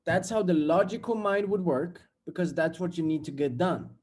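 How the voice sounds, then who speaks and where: A young man with a fairly high voice speaks at normal speed as a self-development vlogger. His motivational talk is casual and blunt, full of free swearing and acted-out everyday scenes.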